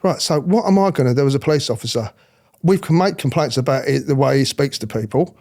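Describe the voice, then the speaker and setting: A fast talker with a mid-range voice, this middle-aged ex-royal protection officer recounts blunt stories in a candid interview. He stays animated, swears freely, and imitates the people he mentions.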